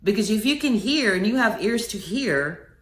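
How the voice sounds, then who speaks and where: A woman's voice: mid-range voice, animated, moderate pace, roomy sound. A middle-aged woman giving an earnest, preacher-like motivational message, swelling on key words. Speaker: inspirational speaker.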